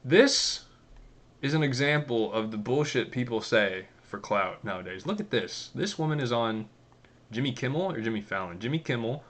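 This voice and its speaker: A man talks straight to his viewers in a loose, rambling rant. He is sarcastic and profane, and his voice sits at an ordinary middle pitch. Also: animated, moderate pace, fairly bright tone. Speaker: commentary vlogger. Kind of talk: casual ranting commentary.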